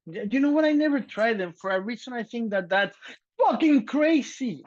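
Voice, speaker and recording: Loud excitable podcast guy, lo-fi. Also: high-pitched, quick pace. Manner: loud, excitable, laughs often. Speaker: podcast co-host. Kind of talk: casual chat.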